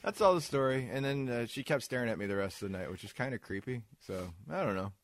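A man's voice: medium pitch, fast talker, heavy background noise. A man co-hosting a podcast, telling a rambling story in casual banter and laughing often. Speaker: podcast co-host.

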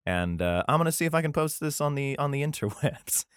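A man's voice: a little high, lively intonation, a little fast, smooth, dry recording, studio quality. A man casually reading scripture aloud and commenting on it in an irreverent, profane, joking way. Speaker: reader and commentator.

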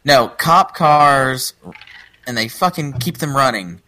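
A man's voice: medium pitch, animated, takes it slowly, pushed and bright. A man co-hosting a comedy podcast, ranting in a profane, exasperated way. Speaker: podcast co-host. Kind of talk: casual comedic rant.

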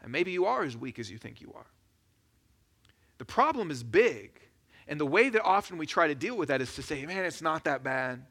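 Bright-voiced man preaching casually. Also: a little high, fairly quick, pauses often. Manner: conversational, animated storytelling. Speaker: pastor. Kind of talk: sermon.

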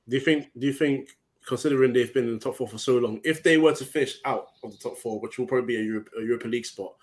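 A man from Ghana hosting a casual podcast, playful and quick to laugh. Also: mid-range voice, darkish tone. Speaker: podcast host.

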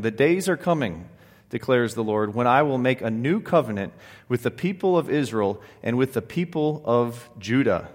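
A male pastor preaches a sermon at a middle pitch, his voice carrying a long reverb through a church hall. He drops to hushed, solemn passages and then rises to emphatic exclamations, with casual asides and stumbling restarts between.

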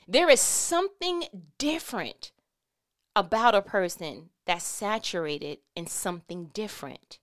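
A woman's voice: mid-range voice, expressive, measured pace, a bit bright. A woman giving a casual, conversational Christian talk with emphatic, repetitive phrasing. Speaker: Christian speaker.

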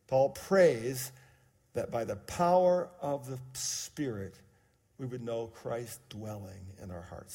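A man in his sixties preaching a sermon, telling a personal story as he moves between quiet, hushed moments and emphatic, raised passages. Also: medium pitch, takes it slowly. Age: 60s. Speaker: pastor.

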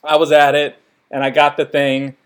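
A man's voice: a little high, monotone, normal speed, clear, resonant tone. A young man hosting a podcast, rambling through a casual comedic monologue with self-deprecating jokes and frequent laughs. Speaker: podcast host.

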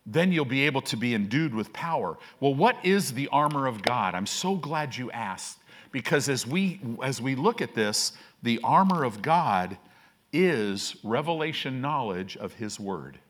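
Lively conversational male preacher. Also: mid-range voice, a little slow. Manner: conversational, self-deprecating, asks "right?" often. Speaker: pastor. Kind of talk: sermon.

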